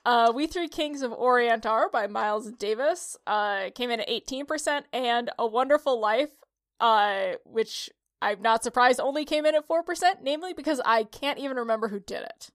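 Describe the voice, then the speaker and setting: A woman's voice: a little high, normal speed, no echo, studio quality. A woman from upstate New York co-hosting a podcast, telling rambling stories with lots of laughs. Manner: giggly, rambling storyteller. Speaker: podcast co-host. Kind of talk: casual chat.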